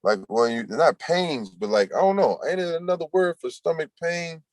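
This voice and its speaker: A man's voice: on the high side, animated, moderate pace, no echo. A man hosting a livestream, chatting loosely in slang and reading viewers' comments aloud. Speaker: livestream host. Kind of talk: casual livestream chat.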